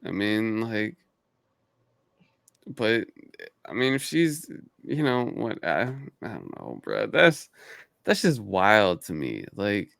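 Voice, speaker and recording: Slow, laid-back young man with creak. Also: fairly low pitch, very animated, a bit bright, no room sound. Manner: laid-back, slangy, swears freely. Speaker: podcast co-host. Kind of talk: casual chat.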